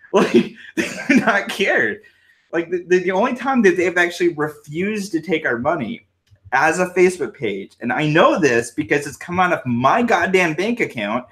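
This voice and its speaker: Drunk male panelist who swears constantly and rambles with a very lively pitch. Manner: rambling, swearing, animated hand gestures. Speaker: guest panelist. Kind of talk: casual livestream panel talk. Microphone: computer mic on a video stream.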